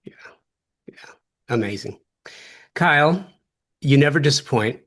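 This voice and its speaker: A man's voice: medium pitch, lively intonation, unhurried, fairly bright tone. A man hosting a podcast interview, responding with enthusiastic agreement. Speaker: podcast host.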